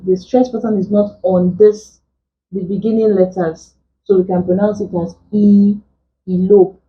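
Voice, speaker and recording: A woman English tutor teaching vowel sounds for exam preparation, saying example words slowly and often repeating them. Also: medium pitch, dark tone, highs cut off, slight background noise. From Nigeria. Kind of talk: exam prep lesson.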